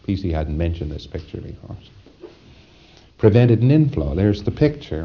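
A man's voice: low-pitched, big pitch swings, moderate pace, long pauses. A man giving a recorded lecture to trainees in a folksy, wry manner, chuckling often and acting out little exchanges. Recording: dull lo-fi old tape.

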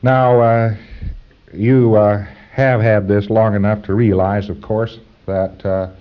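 A man giving an informal lecture to trainees, halting with fillers and repeating words for stress. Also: on the low side, little pitch movement, highs cut off.

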